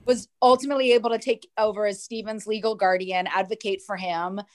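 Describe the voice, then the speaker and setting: A woman from New Jersey, a guest in an interview, telling her life story with lively restarts and acted-out quotes. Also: mid-range voice, fairly quick, no echo.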